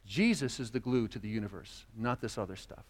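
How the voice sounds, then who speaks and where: A man's voice: lowish voice, fairly quick. A man preaching a sermon as pastor, earnest, voicing quoted dialogue as he speaks. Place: church sanctuary. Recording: long church reverb.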